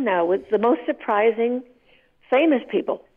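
A woman in her eighties tells a heartfelt story as a radio guest. Her voice is low and gravelly, and she speaks with vivid feeling. The sound is thin and tinny, like a phone line. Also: expressive, a little slow. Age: 80s. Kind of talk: emotional storytelling in a radio interview.

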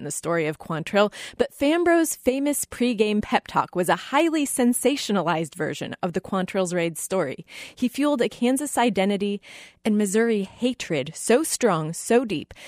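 A woman hosting a public radio talk show, moving between scripted narration and interviews in a clear delivery. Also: medium pitch, a little mellow, dry recording, studio quality.

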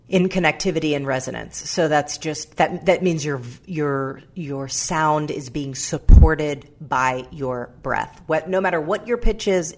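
A woman speaking as a guest in a radio interview. Her voice sits low, and she thinks aloud, restarting phrases as she searches for words. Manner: reflective, halting, searching for words. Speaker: guest, writer and actor.

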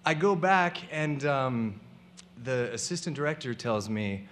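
A man's voice: medium pitch, expressive, a little slow, a bit bright, a little hiss or hum. A young man telling a comic personal story to a live audience, acting out the people he quotes.

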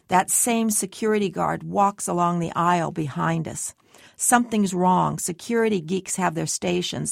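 A woman narrates a first-person story in a low, heavily gravelly voice. Her reading is close and dry, and she lightly shades the voices in the dialogue. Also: no echo. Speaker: audiobook narrator.

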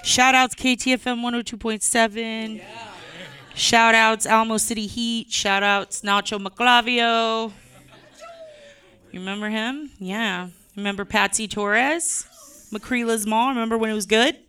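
A young woman from Texas opens her story to a live crowd, joking and chatty, poking fun at herself. Her voice is bright and clear, smooth and crisp. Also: on the high side, steady tone, a little slow. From San Antonio, Texas. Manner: joking, chatty, self-deprecating. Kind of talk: live stage storytelling with jokes.

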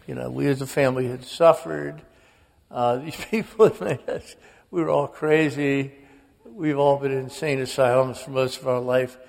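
Gravelly older man telling a funny story. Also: mid-range voice, a little mellow. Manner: humorous, self-mocking. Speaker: guest author. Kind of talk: storytelling anecdote on stage. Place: large auditorium before an audience. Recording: long reverb of a big hall.

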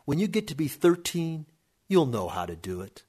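Man putting on a bossy teen boy, raised husky voice, quick and emphatic, storybook. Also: a little high, very animated, dark tone, voice pushed up. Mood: boastful. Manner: emphatic, lecturing. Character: proud, serious teenage boy cousin, bossy.

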